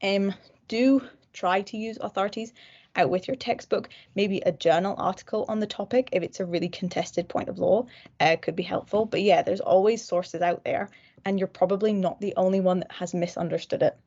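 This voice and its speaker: Young woman, student trainer, casual and direct, mid pitch, muffled lo-fi audio. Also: steady tone, moderate pace, dark tone. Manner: chatty, frank, with frequent fillers. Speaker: mooting society trainer. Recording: dull lo-fi recording.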